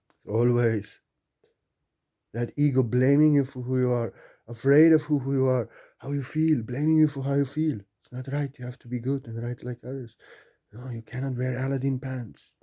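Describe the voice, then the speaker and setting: Man, spiritual talk, mellow tone, breathy, repetitive emphatic delivery. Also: medium pitch. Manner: repetitive, emphatic, rising to loud bursts. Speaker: spiritual teacher.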